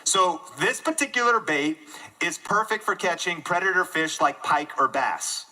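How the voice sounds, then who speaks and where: A man giving an energetic live keynote talk to an audience in a room, joking at his own expense. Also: sits high, measured pace, low-quality recording. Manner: energetic and self-deprecating, jokes with the audience. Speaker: conference speaker.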